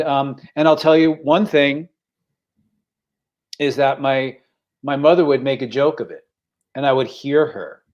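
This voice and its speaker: Co-host, 60s man, candid halting storyteller on a video call. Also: mid-range voice, darkish tone. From Staten Island, New York. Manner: halting, repeats words, emotional. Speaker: podcast co-host.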